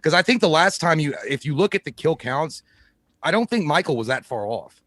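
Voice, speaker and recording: A man co-hosting a casual live stream, excitable and jokey, swearing freely. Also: on the high side, fairly quick, no echo, clean studio sound. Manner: excitable, profane, jokey, does goofy voices. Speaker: podcast co-host.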